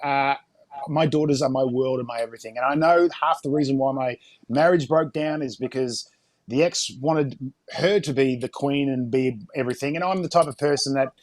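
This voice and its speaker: A man talking in a candid interview, earnest and emotional, halting with fillers as he opens up. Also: mid-range voice, no echo. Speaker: life and fitness coach, guest.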